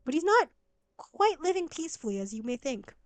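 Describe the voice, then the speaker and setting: A young woman streaming a game, chatty and excitable, reacting and reading story lines aloud. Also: high-pitched, a little fast, dry recording. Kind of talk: casual game-stream commentary. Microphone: laptop mic.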